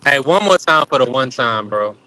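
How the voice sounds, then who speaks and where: A man's voice: medium pitch, lively intonation, normal speed. Laid-back man hosting a boxing livestream. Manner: laid-back, laughing, giving shout-outs in slang. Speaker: host. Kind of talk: casual livestream panel talk.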